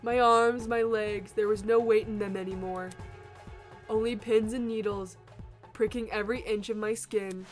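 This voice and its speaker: A woman's voice: medium pitch, steady tone, moderate pace, faint music behind. A woman playing a murder-mystery game, reading narration aloud and breaking into shrieking emotional reactions. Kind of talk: let's play commentary with read-aloud narration.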